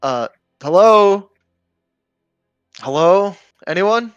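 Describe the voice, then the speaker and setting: A man's voice: mid-range voice, big pitch swings, measured pace, fairly bright tone, no room sound, dull audio, faint music behind. A man playing a stranded, hungry, hot-tempered adventurer, speaking in an exasperated, raised voice. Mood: calling out.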